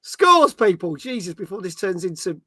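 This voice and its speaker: A man's voice: sits high, sing-song, normal speed, sharp tone. A man hosting a casual gaming live stream, joking and reading viewer comments aloud. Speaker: podcast host reading chat.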